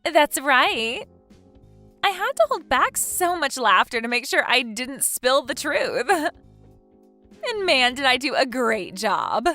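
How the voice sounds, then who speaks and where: A woman reading a smug, scheming friend who stole a husband, taunting and laughing at her victim. The voice is high, bright and lively in its swings, with faint music underneath the text story dialogue. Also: takes it slowly, exaggerated voice. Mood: gloating. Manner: taunting, gloating, laughs mockingly.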